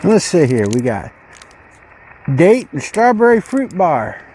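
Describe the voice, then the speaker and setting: A man hosting a casual unboxing video, musing aloud in a slow, rambling way as he goes through a ration pack. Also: a little high, very animated, darkish tone, a little hiss or hum, poor audio. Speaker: channel host reviewing ration packs.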